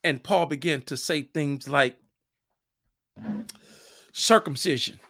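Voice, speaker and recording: High, gravelly-voiced man preaching. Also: slow pace, a bit bright, no echo, clean studio sound. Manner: impassioned preaching with repeated phrases; acts out scripture dialogue. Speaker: pastor. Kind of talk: podcast sermon.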